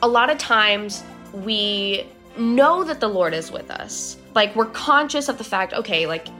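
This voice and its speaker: A woman's voice: a little high, unhurried, bright, forceful tone, faint music behind. A young woman hosting a casual daily devotional podcast, chatty and upbeat, often saying "like.". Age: young adult. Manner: chatty, upbeat, uses "like" a lot.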